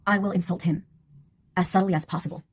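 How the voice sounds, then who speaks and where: A woman's voice: lowish voice, fairly even intonation, quick pace, slightly rough. A woman with a sardonic, mocking manner, delivering a casual monologue.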